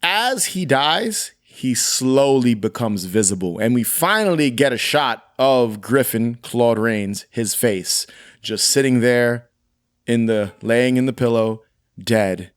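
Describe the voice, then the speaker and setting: A man co-hosting a film podcast, chatting casually and recapping with quick asides. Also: medium pitch, animated. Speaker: podcast co-host. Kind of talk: casual chat reviewing a film.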